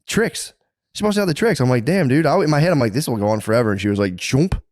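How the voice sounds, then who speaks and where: A man co-hosting a podcast, telling a crude story in excited casual chat, swearing a lot and yelping his own reactions in a high voice. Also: very fast, no echo, studio quality. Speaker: podcast co-host.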